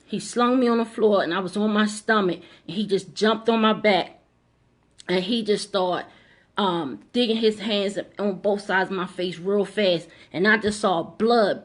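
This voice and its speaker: Emphatic middle-aged woman telling a story. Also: medium pitch. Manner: emphatic, repeats lines, speaks straight to the audience. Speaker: vlogger. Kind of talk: personal storytelling to camera.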